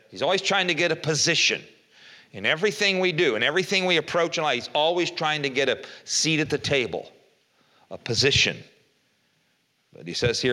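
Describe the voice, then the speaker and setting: A man's voice: a little high, bright, forceful tone. Older man preaching a folksy sermon. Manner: folksy preaching, reads scripture aloud with rhetorical questions. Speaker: pastor.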